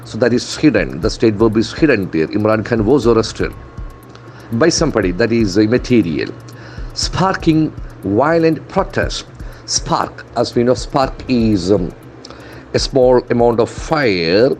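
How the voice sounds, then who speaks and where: A man teaching from newspaper headlines, deliberately spelling out and repeating words. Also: lowish voice, expressive, darkish tone, a little hiss or hum. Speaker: English language trainer. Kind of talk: newspaper-based English lesson.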